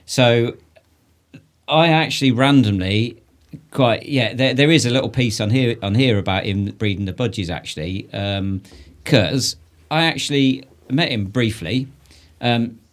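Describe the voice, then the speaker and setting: A man hosting a casual podcast interview, talking in a relaxed, hesitant way with many fillers. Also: mid-range voice, unhurried. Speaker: podcast host.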